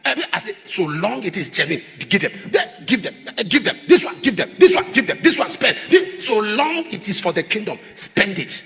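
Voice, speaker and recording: Emphatic preacher in a reverberant hall. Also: male voice, sits high, sing-song, fairly quick, creaky, few pauses, husky. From Nigeria. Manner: emphatic preaching, repeating phrases, rising to shouts. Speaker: pastor. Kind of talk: sermon.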